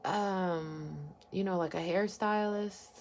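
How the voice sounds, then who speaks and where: A woman's voice: fairly low pitch, fairly even intonation, slow, a little mellow. A woman giving an intuitive tarot card reading, musing aloud in a loose, informal way and swearing now and then.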